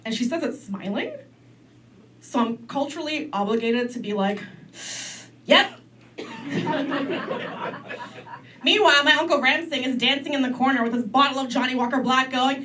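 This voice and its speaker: A woman's voice: high-pitched, normal speed, long pauses, recorded from a distance, noisy background. A woman performing a stand-up comedy set in a comedy club, acting out relatives in big voices.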